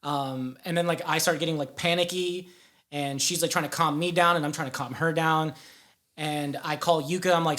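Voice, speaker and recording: A man's voice: a little high, steady tone, a little fast, fairly bright tone. A young man on a podcast telling a story in a rambling, casual way, full of fillers and swearing. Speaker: podcast guest.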